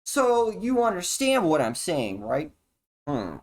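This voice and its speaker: Streamer, solo stream, erratic profane rambler, pitch swings widely. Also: huge pitch swings, slow pace. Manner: erratic, profane and jumpy, with sudden laughs and exclamations.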